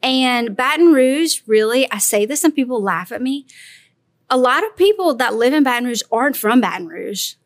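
A woman's voice: fairly high pitch, lively intonation, normal speed, no echo. A woman in her forties from Louisiana with a Cajun accent, chatting and laughing as a podcast guest, calling herself sassy. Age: 40s. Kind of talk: casual interview chat.

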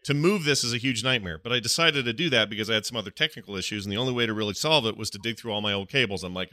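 A man's voice: lowish voice, very fast, few pauses, bright, forceful tone, dry recording, clean studio sound. A man in his thirties co-hosting a podcast, rambling and self-deprecating in casual chat. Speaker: podcast co-host.

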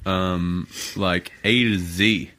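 A man co-hosting a laid-back podcast, his voice sitting on the low side. He reads from his notes haltingly, pausing and restarting over tricky words. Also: steady tone, bright, forceful tone, slight background noise. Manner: halting, stumbles over words when reading. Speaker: podcast co-host. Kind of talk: casual chat, reading notes aloud.

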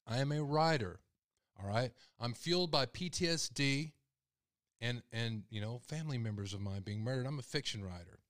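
Here a man with a mid-range, animated voice talks at a moderate pace, sounding slightly bright on a dry, studio-quality recording. He's running a live call-in show in a live-stream commentary style, full of raw feeling, his voice going up whenever he's upset.

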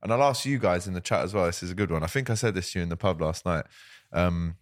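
A man's voice: low voice, fast, no echo, studio quality. A man hosting a casual live stream, chatting with a guest and reading out viewer comments in a jokey way. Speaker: host.

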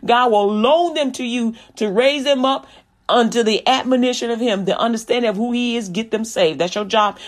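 A middle-aged woman with a high voice preaches with comic storytelling. She acts out little exchanges and repeats key lines for emphasis. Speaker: comedian and Christian speaker.

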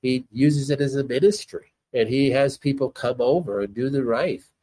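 A man who is a doctor, a guest on a call, explaining in a relaxed way with many fillers. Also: medium pitch, normal speed, dry recording. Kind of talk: explanatory conversation.

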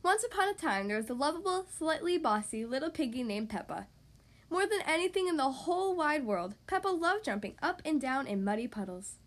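A woman hosting a podcast, reading a children's story aloud in a cheerful, expressive way. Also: sits high, fairly quick.

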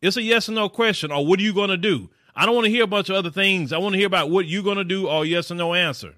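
A man from the American South comments on a debate with emphatic, direct energy. His voice is bright and pitched a bit high, and the recording is close and dry. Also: very fast, no echo. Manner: emphatic, talks straight to viewers. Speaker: political commentator reacting to a debate. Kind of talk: casual reaction commentary.

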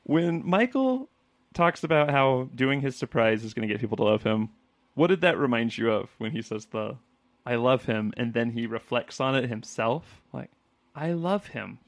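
A man co-hosting a casual chat podcast, chatty and quick to laugh, acting out lines as he talks. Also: mid-range voice, no room sound. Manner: chatty, laughs often, acts out quotes. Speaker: podcast co-host.

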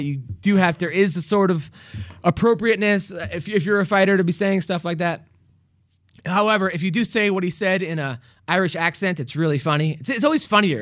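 A man with a rather high voice talks through a loose comedic monologue. He rambles, jokes and often restarts his sentences. The sound is dry, with no room echo. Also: a bit bright. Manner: rambling, joking, frequent restarts.

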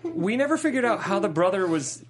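Lively easygoing man, bouncy pitch. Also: brisk, a crowd in the background. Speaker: podcast co-host. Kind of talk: casual chat.

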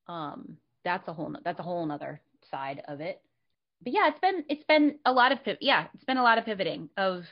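A woman actor chatting casually, animated and candid, acting out her own past reactions and swearing freely. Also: on the low side. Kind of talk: casual conversation. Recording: dull lo-fi sound.

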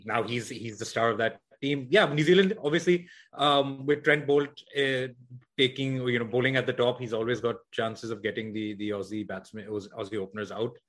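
A man's voice: mid-range voice, moderate pace, a bit bright. A man co-hosting a podcast in casual cricket chat, rambling with many restarts and hedges. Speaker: podcast co-host.

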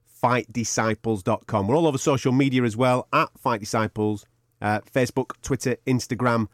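A cheeky man hosts a podcast in loose, swearing banter, forever teasing his co-host. His voice sits in an ordinary middle pitch. The sound is dry and close. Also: fairly even intonation, moderate pace, no echo. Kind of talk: casual banter.

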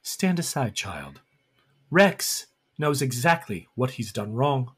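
A man voicing cold vampire elders who speak quietly and threaten punishment. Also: medium pitch, very animated, slow pace, breathy edge, exaggerated voice.

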